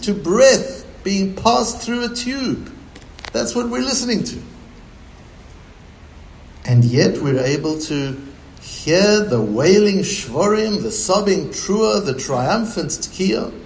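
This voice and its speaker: A man with a high voice preaches at an unhurried pace. He speaks as a rabbi, building his points through a string of rhetorical questions. His delivery stays measured and deliberate, with a faint hiss behind him. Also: expressive, poor audio. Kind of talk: sermon.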